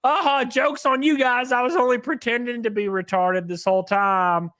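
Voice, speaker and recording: This streamer's voice is extremely high-pitched at a normal speed, recorded cleanly in the studio with no echo. He reads posts aloud over drinks, ranting at them with profane mockery and lots of animation.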